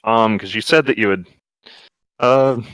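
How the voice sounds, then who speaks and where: A man's voice: fairly low pitch, unhurried, fairly bright tone, smooth, dry recording, low-quality recording. A young man narrating a tabletop game as game master, rambling along. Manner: rambling, many fillers and restarts.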